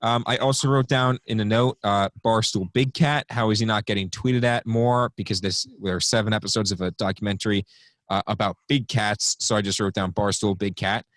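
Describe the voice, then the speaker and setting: A man's voice: lowish voice, fairly even intonation, brisk, a bit bright, dry recording. Young male podcast co-host, rambly and offhand, dry close sound. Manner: rambling, reads from notes with many ums. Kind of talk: casual podcast chat.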